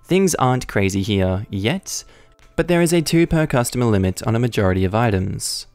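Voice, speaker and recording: A man narrating online stories in a scripted, wry, deadpan comic style. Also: fairly low pitch, moderate pace, no echo, faint music behind. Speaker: story narrator.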